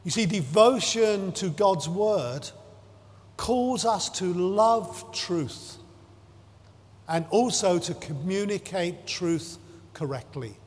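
A man preaching a sermon in a measured, emphatic way, drawing out his phrases and stressing key words. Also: high voice, lively intonation. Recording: long hall reverb.

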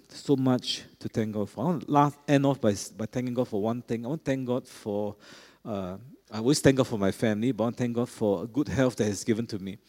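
In a large church full of long reverb, a middle-aged pastor preaches, addressing the congregation in a conversational manner with frequent check-ins. His voice sits on the low side with a darkish tone.

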